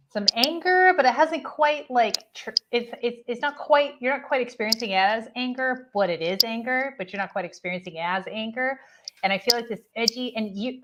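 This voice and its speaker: A woman with a mid-range voice reads a client's energy on a livestream. Clear background noise sits under her voice. She searches out loud for words, rephrasing and repeating herself as she goes. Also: medium pitch. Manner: feels energy in the body and talks about it with many restarts and repetitions. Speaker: psychic reader and co-host. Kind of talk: livestream psychic reading.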